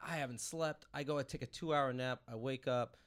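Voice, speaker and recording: A man in his thirties from Los Angeles, a comedian hosting a podcast, telling a rambling story with animated energy and laughing as he goes. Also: mid-range voice, brisk, clear, resonant tone. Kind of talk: casual storytelling chat.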